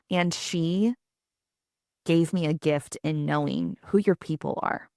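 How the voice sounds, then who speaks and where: A woman in her thirties hosting a solo podcast, telling personal stories in a lively, conversational way with laughs and asides. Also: low voice, creaky, dry recording, clean studio sound. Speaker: podcast host.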